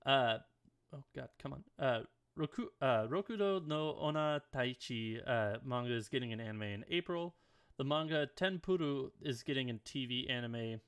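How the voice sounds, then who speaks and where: A man's voice: medium pitch, animated, normal speed, fairly bright tone, smooth. A man co-hosting a casual podcast, reading anime news headlines from home and dropping blunt, swearing asides between items. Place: home, dog at his chair.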